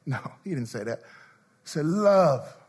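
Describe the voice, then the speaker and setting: A man a sermon, calling out to the congregation and leading call-and-response, his lines half sung and shouted. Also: a little high, lively intonation, a little slow. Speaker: pastor.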